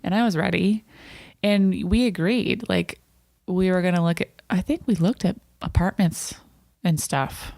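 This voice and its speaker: Lower-voiced female podcast co-host, matter-of-fact storyteller, dry sound. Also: a little slow, vocal fry, darkish tone, dry recording. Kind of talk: casual couple's podcast chat.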